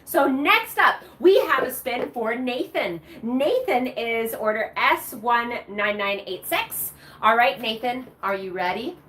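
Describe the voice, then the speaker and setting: A woman's voice: fairly high pitch, lively intonation, takes it slowly, a bit bright, a little hiss or hum. A woman hosting a live shopping show, bubbly and chatty, cheering during the prize wheel spins. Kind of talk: upbeat live sales presentation.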